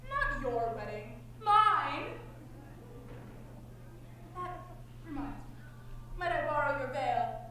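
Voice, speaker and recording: Woman playing a tipsy, grand chaperone, bright and echoey. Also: high-pitched, very animated, takes it slowly, long pauses, a little hiss or hum, exaggerated voice. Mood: languid. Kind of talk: live stage musical acting. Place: school auditorium stage. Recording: echoey hall from far off.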